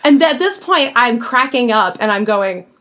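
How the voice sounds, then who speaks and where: A woman from Georgia in her thirties with a soft Southern accent, co-hosting a podcast and telling a story with lively acted-out quotes and laughter. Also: fairly high pitch, moderate pace. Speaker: podcast co-host. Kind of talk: casual chat, storytelling.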